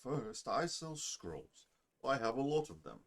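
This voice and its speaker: A man voicing a scroll-selling merchant in a put-on Russian accent, slow and salesy. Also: mid-range voice, very animated, pitched above the performer's own voice.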